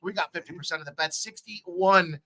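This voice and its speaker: Bright high-voiced betting show host. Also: male voice, normal speed, poor audio. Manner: upbeat, hypes picks and reads chat comments. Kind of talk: live stream betting talk.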